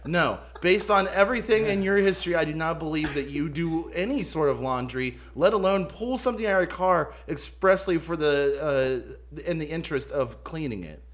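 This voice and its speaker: A man's voice: a little high, expressive, moderate pace, hardly any pauses, a bit bright. A young man in casual chat, blunt and teasing, swearing freely.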